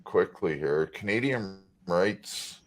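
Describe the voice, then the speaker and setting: Very deep, slow-talking man host. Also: animated. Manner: halting, many fillers. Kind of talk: casual online chat.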